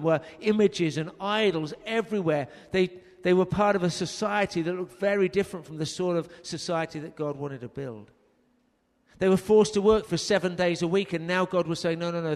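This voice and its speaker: A man preaching a sermon, telling a story earnestly and raising his voice for emphasis. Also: sits high. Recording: long hall reverb.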